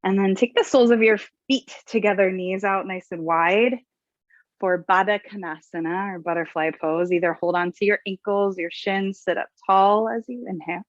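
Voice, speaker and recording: A woman leading a gentle yoga class, giving calm, soothing cues about breath and posture. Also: mid-range voice, normal speed, no echo, dull audio. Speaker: yoga instructor. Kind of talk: guided yoga class instruction.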